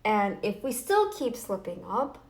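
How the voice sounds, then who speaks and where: A YouTube vlogger talks to camera in a casual talking-head vlog, snarky and taunting, rambling with restarts and fillers. Her mid-range voice is very animated, with a measured pace.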